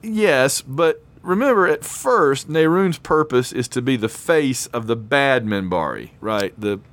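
A hoarse man co-hosting a podcast in casual chat, rambling and laughing often. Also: mid-range voice, lively intonation, unhurried, fairly bright tone. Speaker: podcast co-host; lecturer.

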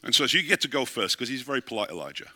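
A man's voice: medium pitch, sing-song, racing, bright, forceful tone. A middle-aged man, a pastor, preaching a sermon and telling a story, often asking his listeners questions.

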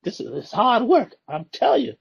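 A man's voice: very high-pitched, very animated, normal speed, gravelly, slightly rough, dull audio, voice pushed up, exaggerated voice. A man playing a proud male office worker who stresses how hard he works. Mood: boastful.

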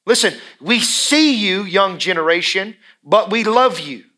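A man with a high, bright voice delivers an emphatic sermon in church. He presses his points by repeating phrases over and over, preaching with conviction. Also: lively intonation, unhurried. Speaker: pastor.

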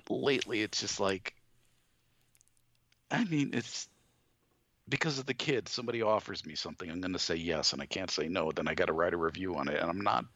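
A man's voice: sits low, brisk, long pauses, fairly bright tone, no echo. A man in a casual conversation, rambling and hesitant, with lots of fillers and restarts. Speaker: guest, toy and comics reviewer.

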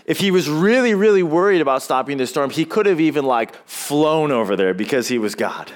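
A man's voice: on the high side, animated, fairly quick. A male pastor delivering a sermon in a conversational way, asking rhetorical questions and acting out short quotes.

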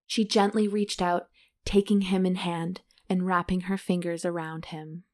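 A woman's voice: on the low side, flat delivery, a little slow, darkish tone. Giggly woman reading a romance novel aloud. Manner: giggly, reads passages then jokes about them. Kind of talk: casual chat and reading aloud.

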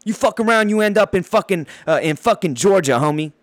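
A man's voice: high voice, animated, a little fast, dry recording. A man hosting a podcast, ranting about basketball with constant swearing, stumbling over his words while fired up and bouncing around with a handheld mic. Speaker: podcast host. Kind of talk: profane sports rant.

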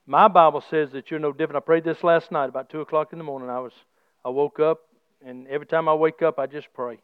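A middle-aged man preaching a sermon as pastor, his delivery swinging from soft low talk to shouted praise, with folksy church grammar. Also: steady tone, fast, smooth, no room sound. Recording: slightly dull lo-fi sound.

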